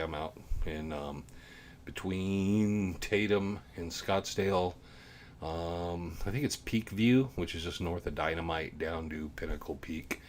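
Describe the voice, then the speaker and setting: A man hosting a casual livestream, reading viewer comments in a rambling, easygoing way, a bit low on energy from the heat. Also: a little hiss or hum. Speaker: livestream host.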